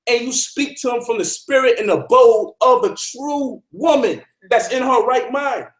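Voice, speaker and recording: A man's voice: extremely high pitch, fairly bright tone, roomy sound. A man hosting a talk show, teaching in an emphatic, preachy way and speaking straight to his listeners. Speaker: host.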